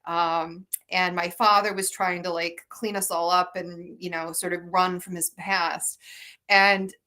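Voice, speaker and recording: A woman's voice: fairly low pitch, flat delivery, unhurried, pushed and bright. A woman from Michigan, an author being interviewed, telling family stories in a chatty, rambling way with many fillers and restarts. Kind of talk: casual interview storytelling.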